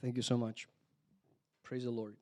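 A man preaching a sermon, animated, calling out hallelujah and praise the Lord between points. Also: mid-range voice, normal speed. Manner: animated, exclamations of hallelujah, some restarts.

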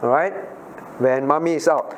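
Pastor teaching a Bible class. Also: male voice, fairly high pitch, fairly even intonation, normal speed, slight background noise. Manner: questions listeners by name, repeats key phrases. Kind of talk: interactive Bible study teaching.

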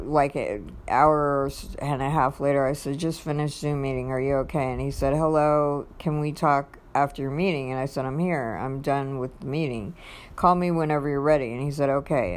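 A woman with a notably low voice tells a personal story in a casual, rambling way. She reads out text messages one after another, with plenty of ums and restarts along the way. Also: normal speed. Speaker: vlogger.

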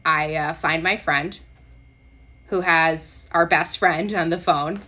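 A woman's voice: sits low, fairly even intonation, slow pace, sharp tone. A young adult woman hosting a podcast, telling an embarrassing personal story in a candid, self-deprecating way. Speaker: podcast host.

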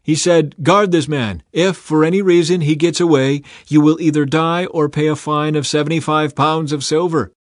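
A man's voice: a little high, fairly even intonation, moderate pace, hardly any pauses, no echo, studio quality, voice pushed up, close to an everyday voice. A man reading the part of a wounded, disguised male prophet, earnest and raised in voice. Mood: urgent.

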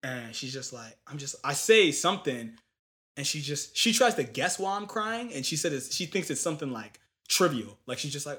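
A young man in casual chat, telling a long story in animated, slangy talk with lots of fillers. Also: fairly high pitch, normal speed.

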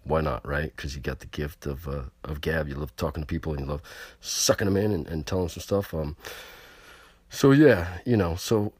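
Male host from California, low voice, rambling and bragging, crude, dead-dry sound. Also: moderate pace, darkish tone, husky, dry recording. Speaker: show host. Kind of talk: casual chat show. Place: on location.

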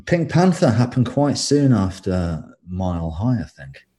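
A man's voice: lowish voice, big pitch swings, measured pace, warm tone. A man telling rambling, self-deprecating stories as a guest in a casual interview.

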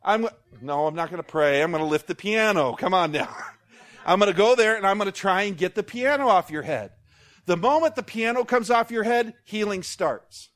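A man preaching a sermon as pastor, animated, with jokey asides and call-outs to the congregation. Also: high voice, moderate pace.

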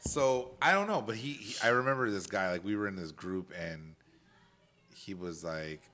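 A man's voice: lowish voice, moderate pace, pushed and bright, slight background noise. A young man chatting casually, hesitant, with many restarts and repeated "like". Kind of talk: casual chat.

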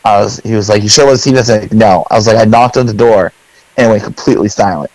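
A man's voice: fairly low pitch, fast talker, darkish tone, no room sound, rough recording. A middle-aged man, a podcast co-host, telling a long story in casual chat, rambling with fillers and acting out his own lines.

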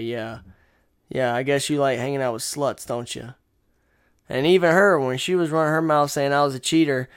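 Man, angry rant, profane, combative, smooth resonant voice, dry close mic. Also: medium pitch, dry recording. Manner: angry, combative, swearing constantly. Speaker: podcast host. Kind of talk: profane ranting monologue.

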